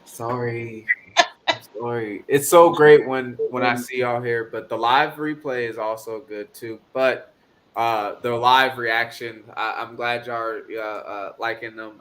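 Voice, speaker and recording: A man's voice: mid-range voice, steady tone, a little slow, a bit bright, a little hiss or hum. A man hosting a casual livestream chat in a loose, rambling way, with a drawl and lots of filler. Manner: laid-back, rambling, with filler "uh"s. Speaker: livestream host.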